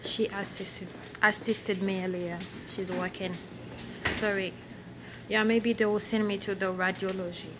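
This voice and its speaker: A woman's voice: medium pitch, flat delivery, unhurried, background noise. A young woman vlogging casually from a hospital on her phone, playful and rambling. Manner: playful, rambling, switches between languages. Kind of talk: casual vlog narration.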